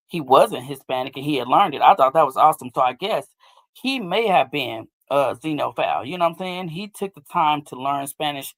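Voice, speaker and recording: Animated woman podcast host, dry close mic. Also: no room sound. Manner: animated, swooping up high when excited. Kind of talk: casual chat reacting to clips.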